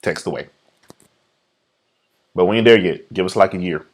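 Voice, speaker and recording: A man's voice: low voice, moderate pace. A man hosting a casual podcast chat, playfully defensive and breaking into laughter often. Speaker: podcast host.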